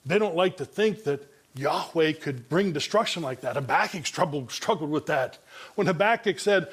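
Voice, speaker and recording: A man's voice: a little high, expressive, normal speed, husky. A male pastor preaching an expository sermon, reading and comparing Bible translations, often restarting his phrases. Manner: frequent restarts and repeated words.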